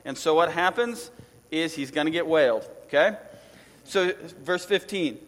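A pastor preaching to his congregation, lively and conversational, often checking in with his listeners. His voice sits a little high for a man. The sound carries a long hall reverb. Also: a little slow. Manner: animated, conversational preaching with asides. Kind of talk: sermon.

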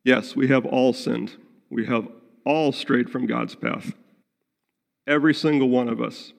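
A man's voice: mid-range voice, gravelly. A man preaching as pastor in an earnest sermon, acting out prayers and quotes in his own voice. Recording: long reverb of a large hall.

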